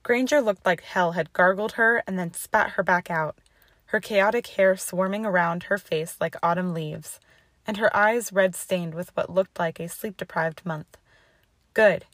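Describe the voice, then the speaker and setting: A woman reading fan fiction aloud in steady storytelling narration. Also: lowish voice, unhurried, no room sound. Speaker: audiobook reader. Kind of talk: fanfiction read aloud. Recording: dry close recording.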